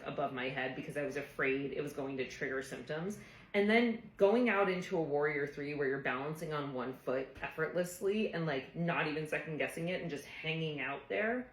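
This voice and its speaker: Woman, low voice, earnest and reflective, casual storytelling, echoey room, faint hiss. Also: fairly bright tone. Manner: earnest, reflective, frequent "like" fillers. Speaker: therapist. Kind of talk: casual personal storytelling to camera.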